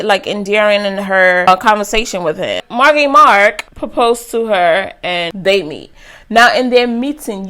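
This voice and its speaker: A woman's voice: mid-range voice, a bit bright. A young woman reviewing a reality show in a casual, chatty recap full of slang. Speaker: YouTube reviewer.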